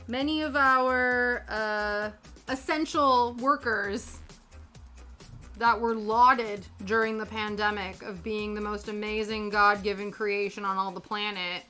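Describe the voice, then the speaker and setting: A woman from Canada chatting casually with her live chat while stitching, animated and quick to laugh. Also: mid-range voice, faint music behind. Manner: chatty, animated, laughs often, greets viewers by name. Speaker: streamer.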